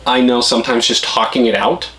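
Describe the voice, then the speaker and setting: Give me a blunt, animated middle-aged man giving casual advice to his viewers. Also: fairly quick, poor audio. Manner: blunt and animated, pitch jumps when worked up. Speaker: vlogger.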